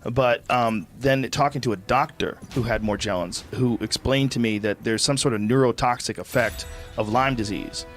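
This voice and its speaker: A man's voice: medium pitch, normal speed, a bit bright, soft background music. A man hosting a casual chat, explaining at length and swearing freely. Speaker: podcast host.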